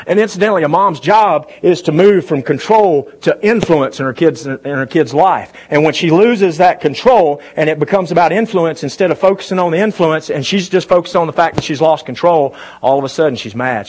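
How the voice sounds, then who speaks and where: A man's voice: fairly high pitch, fairly quick, hardly any pauses, a little mellow, a little hiss or hum. A man preaching a sermon to a congregation in a church, talking conversationally and asking them questions. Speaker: pastor. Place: church before a live congregation.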